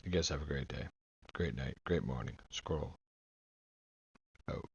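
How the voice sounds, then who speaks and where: A man's voice: extremely low pitch, animated, measured pace, creaky, a little mellow, slightly rough, dry recording, muffled recording. A man from the United States hosting a reaction video, talking casually through a headset, with plenty of ums and uhs. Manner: rambling, lots of fillers. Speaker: YouTube reaction host.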